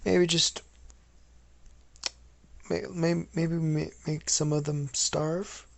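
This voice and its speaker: A man's voice: fairly high pitch, little pitch movement, drawn-out words, vocal fry, voice pushed up, exaggerated voice. A man voicing a timid youngest brother who stammers and hesitates. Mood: hesitant.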